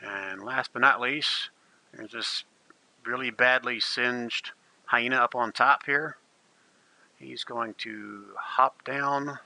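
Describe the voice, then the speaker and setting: Sitting as game master, a man narrates a tabletop battle with vivid, gleeful relish. His medium-pitched voice is very bright, forward, and gravelly with a steady tone, delivered slowly. The recording is close and dry with no room sound and poor audio.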